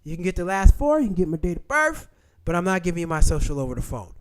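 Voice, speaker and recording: Host, man, blunt and profane, high-pitched and animated. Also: quick pace. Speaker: channel host. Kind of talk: casual livestream talk.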